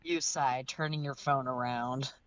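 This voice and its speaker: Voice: medium pitch, fairly even intonation, unhurried, fairly bright tone, no echo. A livestream co-host reading a fan story aloud in second person, casually breaking off to laugh and chat. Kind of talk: casual read-aloud narration with chatty asides.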